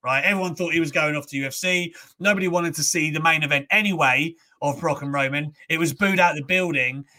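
A young man hosting a casual wrestling talk show, animated, ranting and swearing freely. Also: fairly high pitch, fairly quick, hardly any pauses. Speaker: host.

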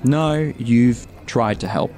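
A man's voice: medium pitch, takes it slowly, a little mellow, soft background music. A man voicing a young man regaining his confidence, speaking plainly and firmly. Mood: resolute. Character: confident young man, rattled but rallying.

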